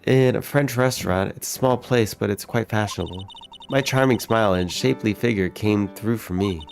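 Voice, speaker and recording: A cheerful young waitress who shrugs off her bad luck, read aloud by a man in his own low, gravelly voice. She sounds upbeat in a game dialogue reading, with quiet music running underneath. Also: moderate pace. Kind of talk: let's play dialogue reading.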